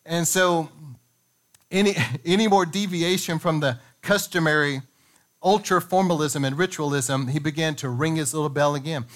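A man with a fairly high voice preaches from the pulpit, reading a revival story and breaking off for playful asides to his congregation. He talks in an animated, storytelling way. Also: normal speed. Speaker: pastor. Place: church.

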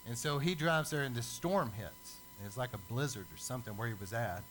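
A man's voice: medium pitch, a little fast, slight background noise, low-quality recording. Man preaching a story-driven sermon. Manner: lively storyteller who acts out the people in his stories.

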